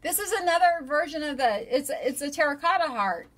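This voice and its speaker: A woman's voice: sits high, animated, a little fast, a bit bright. A woman hosting a live shopping stream, chatting and reading out item codes and prices. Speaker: shop host presenting products.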